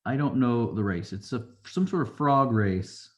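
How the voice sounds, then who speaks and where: A man's voice: mid-range voice, measured pace. A man casually recapping a show episode, rambling along and acting out quotes from the characters. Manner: rambling, loose retelling with acted-out quotes. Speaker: show reviewer.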